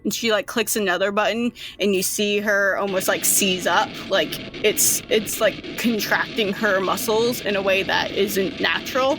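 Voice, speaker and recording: A woman's voice: medium pitch, steady tone, normal speed, hardly any pauses, music in the background. A woman running a tabletop game as game master, narrating casually with lots of "like" and "um". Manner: casual, rambling narration with fillers.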